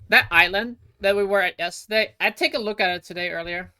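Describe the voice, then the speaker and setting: A woman's voice: medium pitch, bright, forceful tone, clean tone, low-quality recording. A young adult woman streaming a game live, chatting casually and playfully with lots of "like" fillers. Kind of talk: casual live gameplay chat.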